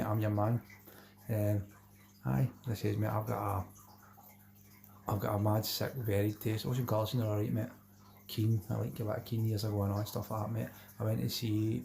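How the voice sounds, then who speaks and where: There's a little hiss or hum behind this man's low, gravelly, dark voice. He's a Scot from Glasgow hosting a casual fishing livestream, chatting with viewers by name and calling each of them "mate."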